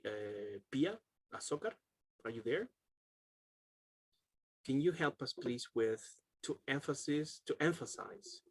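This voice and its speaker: Man, Chilean accent, relaxed teacher, husky voice, dry close sound, video call. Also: medium pitch, no room sound. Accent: Chilean Spanish. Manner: casual, chatty, laughs often, fills with um and uh. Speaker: English teacher. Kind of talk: online class.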